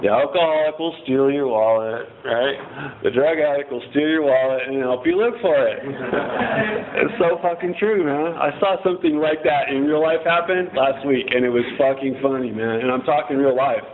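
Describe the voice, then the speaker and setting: A man talks through his story at a recovery group in a loose, rambling way, full of profanity and self-deprecating jokes. His voice sits at an ordinary middle pitch. The sound is thin and tinny, like a phone line. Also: normal speed, a crowd in the background. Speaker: member sharing at a recovery meeting. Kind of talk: casual personal share.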